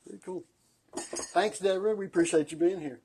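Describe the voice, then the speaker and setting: A man's voice: sits high, a little fast, mellow, slight background noise. A middle-aged man co-hosting a casual cocktail show, telling stories, laughing often and acting out the voices of the people in them. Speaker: co-host of a cocktail livestream. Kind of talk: casual chat, storytelling.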